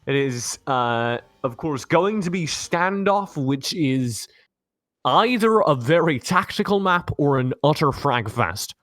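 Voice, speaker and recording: A man's voice: fairly high pitch, lively intonation, slow pace, fairly bright tone, dry recording. A man casting a mobile shooter esports match live, breaking down plays with joking, analytical banter. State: tired from no sleep. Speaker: esports caster.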